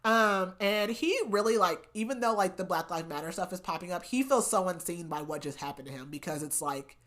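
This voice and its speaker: A woman hosting a book podcast, casually recapping chapters in a chatty way with lots of "like" and animated retellings. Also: lowish voice, fairly quick. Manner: chatty, heavy use of "like", animated retelling of scenes.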